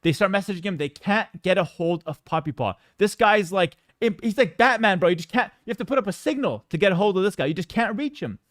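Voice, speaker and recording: Streamer guy telling a story, high bouncy voice, jokey fake-angry rants. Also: quick pace, hardly any pauses, dry recording. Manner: animated, joking, exaggerated mock outrage.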